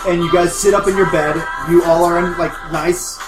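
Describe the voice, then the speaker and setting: A man's voice: sits high, fairly even intonation, normal speed, roomy sound, over music, poor audio. A man narrating a horror tabletop game as game master, in a loose, rambling style with lots of fillers.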